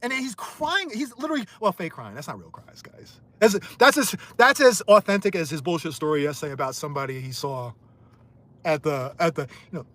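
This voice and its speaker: A man ranting angrily on a livestream, hurling insults and swinging between loud outbursts and muttered asides. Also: fairly high pitch, expressive, brisk. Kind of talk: heated livestream rant.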